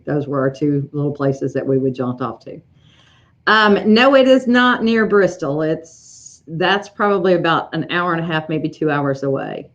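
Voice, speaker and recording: Lady rambling on a stream, low-ish voice, kinda muffled lo-fi sound. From Tennessee. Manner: chatty, rambling, self-deprecating. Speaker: host. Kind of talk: casual chat on a livestream.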